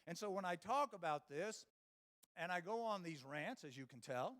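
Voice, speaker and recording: High-voiced man telling keynote stories. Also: lively intonation, normal speed, a bit bright. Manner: storytelling with quoted dialogue and rants. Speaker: keynote speaker. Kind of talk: humorous conference keynote. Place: conference stage before a live audience.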